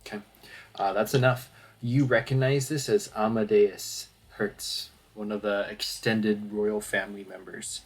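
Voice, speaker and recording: Husky low-voiced man running the game. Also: level tone, measured pace. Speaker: dungeon master. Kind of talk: narrating a tabletop game.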